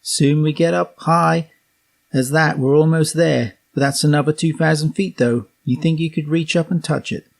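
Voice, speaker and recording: A man with a Norfolk English accent voicing a hardy, gruff old male mountain packer who calls out loudly in a raised, higher voice. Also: fairly even intonation, normal speed. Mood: hollering.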